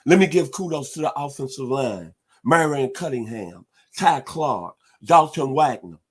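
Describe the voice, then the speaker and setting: A middle-aged man hosting a sports talk show, hyping teams in an animated, preacher-like way. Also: mid-range voice, unhurried, slightly rough. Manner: animated, preacher-like hype with loud hog calls.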